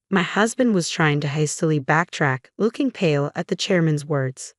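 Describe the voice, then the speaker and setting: A woman narrating a scripted first-person drama in an even, measured way. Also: low-pitched, dry recording, clean studio sound.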